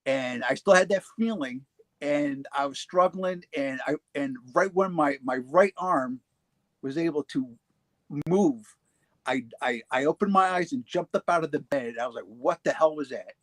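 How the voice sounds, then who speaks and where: A man in his forties casually telling his own ghost encounters, halting and restarting often, laughing easily. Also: a little high, no room sound. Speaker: paranormal show guest telling his experiences. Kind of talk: casual storytelling.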